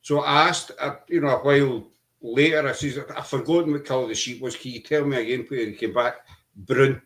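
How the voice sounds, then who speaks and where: A man's voice: mid-range voice, fairly bright tone. Middle aged guy on a video call, earnest, lots of ums and restarts. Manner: earnest storytelling, halting with fillers. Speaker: podcast host. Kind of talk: casual chat.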